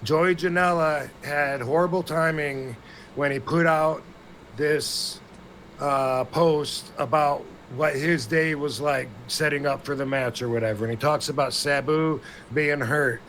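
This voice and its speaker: A man's voice: on the high side, steady tone, measured pace, a bit bright, a little hiss or hum. A man co-hosting a podcast, talking in a rambling, blunt and profane way. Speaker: podcast co-host. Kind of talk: casual podcast chat.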